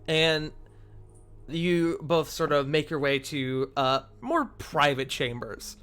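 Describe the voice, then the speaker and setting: A man's voice: a little high, a bit bright, clean tone. A man narrating a tabletop role-play as game master, rambling and hedging with filler words. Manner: rambling, full of fillers like "sort of".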